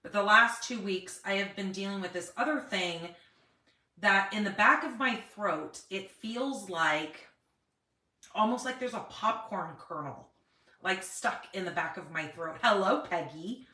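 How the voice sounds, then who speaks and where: A woman's voice: mid-range voice, measured pace, sharp tone, echoey room, far from the mic, rough recording. A middle-aged woman chatting casually on a live stream, greeting viewers by name, with a dry cough and a cough drop in her mouth. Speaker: paper crafting host.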